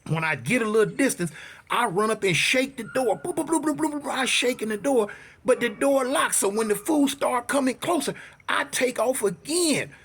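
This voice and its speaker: Man telling a street story, husky voice, very lively pitch swings, slangy and dramatic. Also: moderate pace. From United States. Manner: animated, slangy, dramatic retelling. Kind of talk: casual storytelling.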